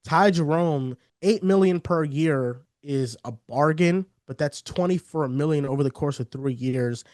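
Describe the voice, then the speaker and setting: A man co-hosting a casual sports podcast, explaining contract deals in a measured way. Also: fairly high pitch, darkish tone, no echo, studio quality. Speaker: podcast co-host.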